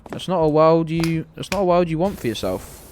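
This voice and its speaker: British male streamer, sarcastic and sweary, very animated delivery, faint noise underneath. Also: a little high, brisk. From Britain. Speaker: game streamer. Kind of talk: casual gameplay commentary.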